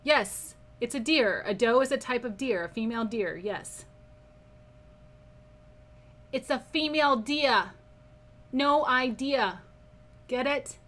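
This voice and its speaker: A woman's voice: on the high side, expressive, unhurried, pauses often, fairly bright tone. A woman teaching a live painting class, chatting casually and reading viewer comments aloud with frequent laughter. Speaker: art instructor. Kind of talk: live painting lesson with chat.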